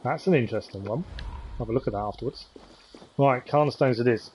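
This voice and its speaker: Man, gaming streamer, warm mellow tone, chatty, thinking aloud while playing. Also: mid-range voice, fairly quick, slight background noise, low-quality recording. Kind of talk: live-stream gameplay commentary.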